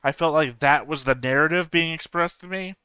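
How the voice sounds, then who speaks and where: Male reaction host, clear smooth voice, casual musing delivery. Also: fairly high pitch, brisk, pushed and bright, dry recording. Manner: thinking aloud, puzzling over theories. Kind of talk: casual solo reaction commentary.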